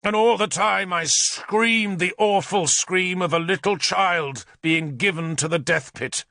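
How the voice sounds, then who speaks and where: A man's voice: high voice, measured pace, vocal fry, sharp tone, no room sound, studio quality. A man narrating an audiobook in a dramatic, intense storytelling manner.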